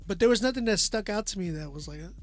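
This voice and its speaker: A man's voice: sits high, animated, fast, faint music behind. A man reviewing listeners' songs live on a stream. He talks in a loose, slangy way, laughs often and trails off with "like". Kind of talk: casual live-stream chat.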